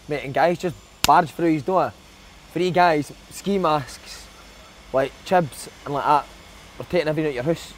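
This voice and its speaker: Laughing Scottish podcast host. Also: male voice, fairly high pitch, a little hiss or hum. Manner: laughs often, chatty storyteller. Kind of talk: casual chat.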